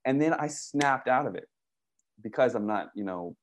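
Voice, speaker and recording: A man talking casually and excitedly, rambling through stories with many restarts, swearing and saying "dude" and "bro". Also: medium pitch, moderate pace. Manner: profane, uses "dude" and "bro". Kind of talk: casual conversation.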